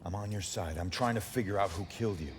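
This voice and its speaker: An actor playing a dogged ghost detective in a video game, low and hushed. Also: male voice, fast, noisy background, close to an everyday voice. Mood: earnest. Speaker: game character.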